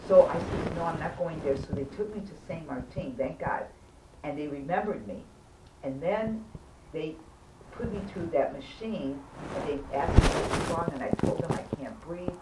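A low-voiced woman tells her story as a patient in an easygoing way, pressing each point hard and urging her listener on. She sits some distance from the mic in an echoey room with faint noise behind. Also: moderate pace. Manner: emphatic and insistent, keeps urging the listener to listen. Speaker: patient recounting a hospital stay. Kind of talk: casual storytelling in an interview.

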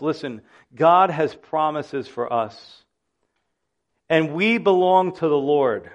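A man's voice: on the high side, lively intonation, slow pace. A male pastor delivering a sermon, with impassioned preaching that swells and drops in volume.

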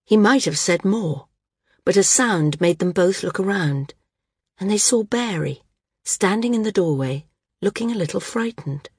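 A woman narrating an audiobook in a measured storytelling manner. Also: medium pitch, animated, darkish tone, breathy edge, dry recording, studio quality. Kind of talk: scripted narration.

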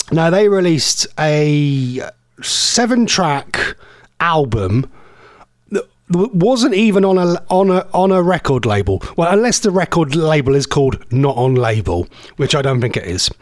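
Middle-aged man, radio DJ, high lively voice, rambling, self-mocking, dry studio sound. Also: moderate pace, no echo. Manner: rambling, chatty, self-mocking, laughs at own jokes. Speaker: radio host. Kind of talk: casual radio DJ chat.

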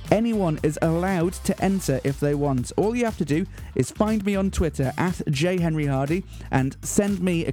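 A man presenting a community radio show in a studio, announcing with mock-grand earnestness. His voice sits a little high but sounds mellow, with faint music playing underneath. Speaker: radio host. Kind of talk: deadpan comic radio presenting.

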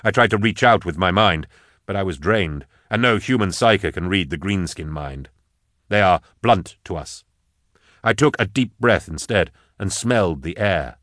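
A man reading a dark first-person fantasy story aloud in a measured, grave storytelling manner. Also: deep voice, expressive, dry recording, clean studio sound. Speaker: narrator. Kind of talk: audiobook narration of dark fantasy fiction.

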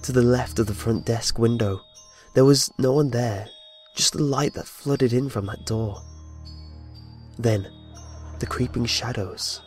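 A man's voice: mid-range voice, a little slow, long pauses, darkish tone. A man telling a first-person horror story with tense, dramatic narration. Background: faint music.

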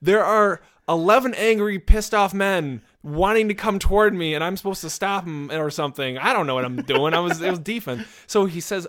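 Laughing man telling a lively story. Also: a little high, fairly quick. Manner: laughing, animated storyteller who acts out quotes. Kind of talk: casual storytelling chat.

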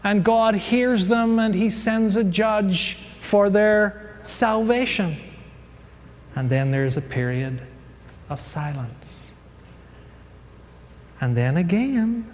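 A man's voice: high-pitched, expressive, slow pace, long pauses. A man teaching a casual Bible class, telling the story with jokes, sound effects and many fillers. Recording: hall reverb, faint background noise.

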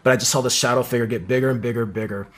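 A man's voice: medium pitch, racing. Man telling a war story, swearing freely. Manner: heavy swearing, vivid and animated retelling. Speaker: podcast guest, combat veteran. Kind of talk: casual storytelling.

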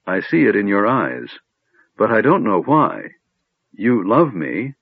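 A man's voice: lowish voice, very animated, slow, vocal fry, breathy edge, no room sound, narrow, tinny audio, exaggerated voice. A man voicing an anguished young elf lord with a broken, pleading delivery.

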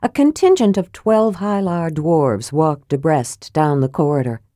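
Low, dark-voiced woman narrating. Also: no echo, clean studio sound. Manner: steady, measured reading. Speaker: audiobook narrator. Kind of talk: scripted fantasy narration.

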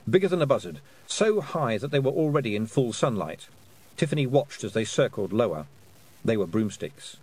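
A man narrating a storybook in an expressive reading voice. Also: mid-range voice, normal speed, husky, rough recording. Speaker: audiobook narrator. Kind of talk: scripted narration.

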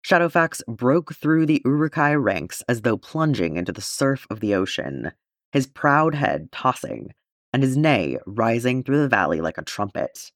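A man reading a fan-fiction audiobook aloud in an expressive storytelling manner. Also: medium pitch, unhurried, no room sound, studio quality. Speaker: audiobook reader.

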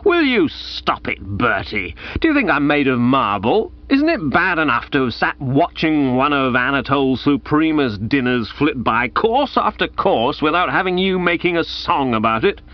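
A man voicing a famished, irritable young gentleman who snaps in rasping, exasperated bursts. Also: on the high side, big pitch swings, moderate pace, hardly any pauses, pitched above the performer's own voice. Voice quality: rasping bark. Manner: testy, exasperated outbursts. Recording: dull lo-fi audiobook recording.

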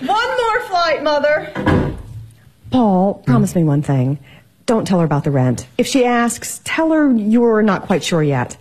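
An actress playing a theatrical, fretful young newlywed wife in a film. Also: female voice, medium pitch, very animated, normal speed, dark tone, husky. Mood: anxious. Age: young adult.

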